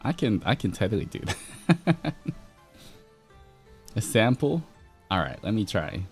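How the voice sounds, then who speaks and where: A man's voice: lowish voice, very animated, measured pace, a little mellow, soft background music. A man with an Australian accent chatting casually with viewers on a stream, playful and laughing often.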